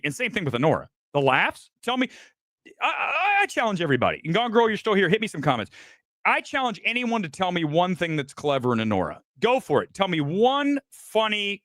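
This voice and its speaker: A man with a fairly high, swooping voice hosts a live film-reaction stream, ranting bluntly and with plenty of swearing. He boasts about his judgment and dares his viewers to disagree. The sound is dry and close. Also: fairly bright tone, dry recording. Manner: challenges viewers directly. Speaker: film critic host.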